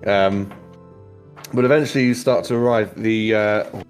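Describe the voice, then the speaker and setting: A man's voice: lowish voice, normal speed, a little mellow, faint music behind. A man narrating a tabletop game as game master, casual and rambling with many fillers.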